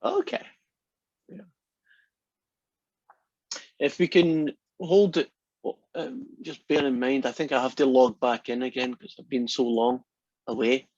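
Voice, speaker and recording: A teacher in an online class, chatty and quick to laugh while telling jokes. The voice is husky in a middling register. The sound is dull and dry, like a video call. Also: mid-range voice, darkish tone, dry recording. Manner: chatty, encouraging, laughs easily.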